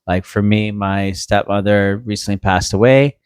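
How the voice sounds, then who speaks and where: Man, easygoing podcast co-host, joking, deepish voice, dry close sound. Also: steady tone, normal speed, clear, resonant tone, dry recording. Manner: easygoing, joking, many fillers. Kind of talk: casual chat.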